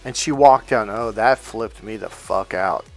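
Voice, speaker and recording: A man's voice: on the low side, unhurried, gravelly. A man giving a blunt, profane coaching monologue on dating, emphatic and acting out quoted lines.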